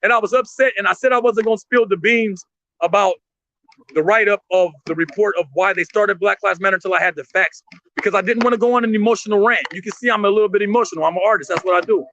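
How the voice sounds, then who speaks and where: A man's voice: high-pitched, fast talker, bright, forceful tone, lo-fi sound, a little hiss or hum. A man talking emotionally and emphatically on a livestream from his street stand, in slangy street talk. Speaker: street artist and vendor, livestream guest.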